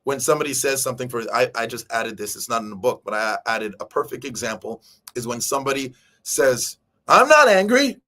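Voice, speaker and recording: A man's voice: mid-range voice, a little fast. A man hosting a live stream, talking casually to his viewers about a book and acting out quoted speech along the way. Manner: animated, addresses viewers directly, acts out quoted speech. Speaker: show host.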